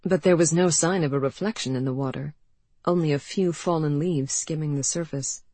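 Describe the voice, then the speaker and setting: Husky, dry audiobook narrator. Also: mid-range voice, normal speed, mellow, no echo. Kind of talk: scripted narration.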